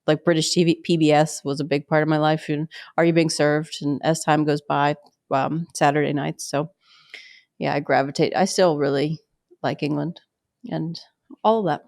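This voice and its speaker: A woman in her thirties with a light Pittsburgh accent, talking as a guest in a casual podcast interview. Her voice sits a little low. She wanders off on tangents, pokes fun at herself and laughs easily. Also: moderate pace. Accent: mild Pittsburgh American. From Pittsburgh, USA. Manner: rambling, self-deprecating, laughs often, animated when acting out voices. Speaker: guest, comedian and military spouse.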